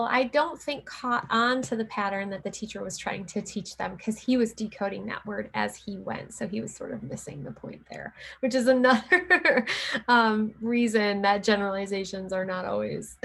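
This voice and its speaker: Woman, recorded lecture, casual with fillers, husky, gravelly. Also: mid-range voice. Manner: casual, with fillers and light laughs. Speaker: teacher educator.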